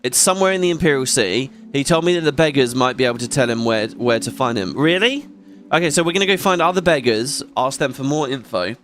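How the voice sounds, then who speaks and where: A man giving casual gameplay commentary as a let's play host, chatty and excitable, swearing often. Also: mid-range voice, quick pace. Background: game music.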